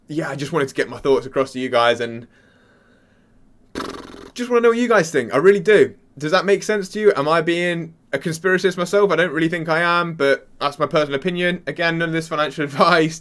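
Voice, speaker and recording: Young male vlogger, raised pitch, passionate off-the-cuff rant, trips over words. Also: fairly bright tone. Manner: rambling, restarts sentences, searches for words. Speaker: crypto channel host. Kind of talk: casual excited commentary to camera.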